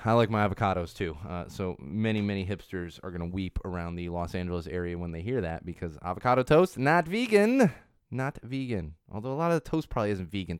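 A man's voice: on the low side, smooth, no room sound, studio quality. Chatty man in his thirties, rambling. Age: 30s. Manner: chatty, rambling, self-correcting with frequent restarts. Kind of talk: casual chat on social trends.

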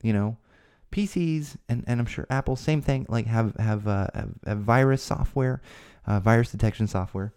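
This home-studio podcast host speaks at medium pitch and moderate pace, his voice a little mellow with a clear, resonant tone. He chats casually by himself, with jokey asides and rambling restarts.

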